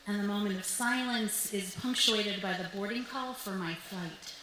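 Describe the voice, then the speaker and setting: A woman's voice: medium pitch, normal speed, hardly any pauses, pushed and bright. A young woman tells a true story live on a club stage into a microphone, with wry comic timing and an upbeat manner. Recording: heavily echoing club, faint hiss.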